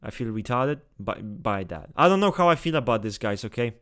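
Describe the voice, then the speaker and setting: A man hosting a casual tier-list video, talking straight to his viewers in a blunt, excitable, swear-heavy way. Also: mid-range voice, a little fast. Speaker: typology video host.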